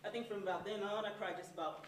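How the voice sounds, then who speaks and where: A man performing a one-man stage monologue, animated, swinging from hushed to shouting, recorded from far off on a stage. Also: high voice, fast. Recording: far-off echoey stage recording, faint noise.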